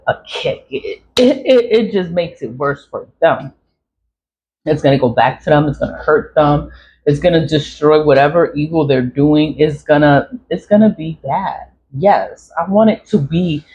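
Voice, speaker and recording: A spiritual vlogger in a casual, rambling monologue, talking emphatically, repeating phrases and swearing freely. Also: medium pitch. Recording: dull lo-fi recording, faint noise.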